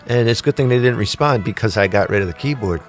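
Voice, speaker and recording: A man's voice: fairly low pitch, lively intonation, quick pace, faint music behind. A man hosting a casual podcast chat, joking and teasing his co-host. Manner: teasing, jokey, prone to laughing fits.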